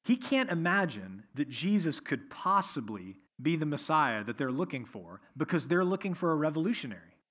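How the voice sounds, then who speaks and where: A man delivers an expository sermon with a slightly raised pitch and a lively, rising-and-falling delivery. His voice carries a faint husky edge as he reads scripture and unpacks it for the congregation. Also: moderate pace, few pauses. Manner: expository preaching, reading scripture then explaining. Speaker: pastor.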